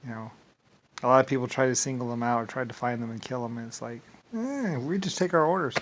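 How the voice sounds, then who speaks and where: A man's voice: mid-range voice, animated, fast. A man vlogging in a rambling casual monologue, full of filler words and repeated words, with dismissive shrugging asides.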